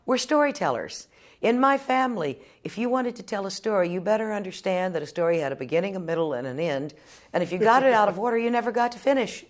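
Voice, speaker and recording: A woman's voice: mid-range voice, lively intonation, quick pace. A woman in her fifties from Texas, a television journalist answering interview questions as a plainspoken, wry storyteller.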